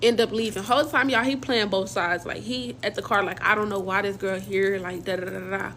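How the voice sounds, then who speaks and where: Young woman, slangy storytime vlog, animated retelling, faint background hiss. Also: mid-range voice, fairly quick. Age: young adult.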